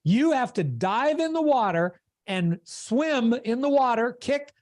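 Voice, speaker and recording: A man's voice: extremely high pitch, big pitch swings, unhurried, no echo, clean studio sound. A man giving a motivational coaching talk on a video call, with an emphatic, preacher-like cadence. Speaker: sales coach.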